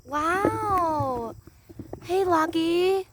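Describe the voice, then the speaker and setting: An excitable woman with a very high voice acts out a playful doll role-play. She talks at an unhurried pace, full of gasps and exclamations. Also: noisy background.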